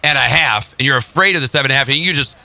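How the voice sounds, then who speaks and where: A man's voice: medium pitch, rapid-fire, creaky, bright, forceful tone. A man co-hosting sports radio with joking, teasing banter. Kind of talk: casual sports talk.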